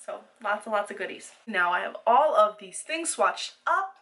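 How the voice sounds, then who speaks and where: A woman's voice: medium pitch, big pitch swings, normal speed, sharp tone, recorded from a distance, rough recording. A woman giving a chatty, detailed makeup haul review, with fillers as she goes. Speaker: beauty vlogger.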